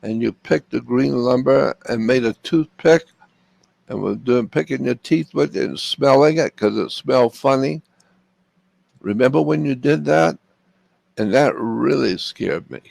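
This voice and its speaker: A man's voice: mid-range voice, a little slow, creaky, darkish tone, no room sound. An older man from Florida telling a personal story in an interview, repeating phrases for emphasis. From Florida, USA. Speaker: interview guest.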